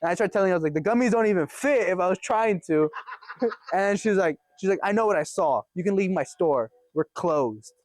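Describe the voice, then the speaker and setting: A young man casually telling a story on his vlog in an animated way, swearing often and laughing as he goes. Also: high-pitched, brisk, no room sound. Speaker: vlogger.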